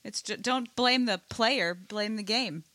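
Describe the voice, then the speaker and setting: Teasing woman with quick quips. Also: medium pitch, fairly bright tone, dry recording. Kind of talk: casual sports chat.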